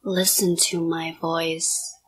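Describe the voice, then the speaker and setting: A woman hypnotist in a whispered role-play, giving soft, repetitive hypnotic commands in a partly whispered voice. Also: low-pitched, little pitch movement, slow, husky.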